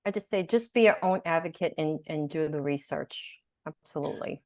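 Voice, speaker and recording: A woman guest in an interview, telling her story in a lively way and acting out what people said. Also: low-pitched, fairly quick, no echo, studio quality. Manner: animated storyteller, acts out quotes. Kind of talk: conversational interview.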